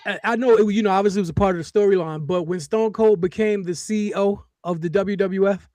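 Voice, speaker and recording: Man, very high-pitched voice, animated profane storyteller, dry close sound. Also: fast, no echo. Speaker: podcast host. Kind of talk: casual chat.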